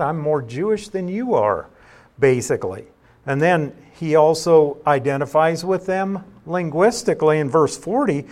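A pastor teaching through a Bible passage verse by verse in a conversational way, reading the scripture aloud and explaining it. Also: male voice, on the high side.

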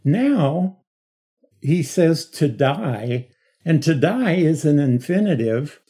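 This middle-aged Bible study teacher is very animated, his voice a little high, warm and husky. He explains slowly and drives home key words with emphatic repetition.

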